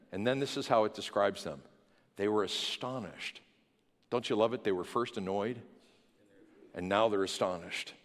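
A male pastor delivers his sermon in a fervent preaching voice that climbs into loud, ringing declarations. His words trail off into the long echo of a large church sanctuary. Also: low voice. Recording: long hall reverb in a church.

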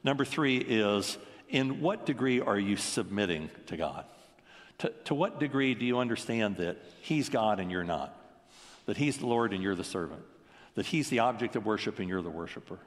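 A man's voice: lowish voice, expressive, moderate pace, in a large hall. A man preaching a sermon, earnest and full of rhetorical questions.

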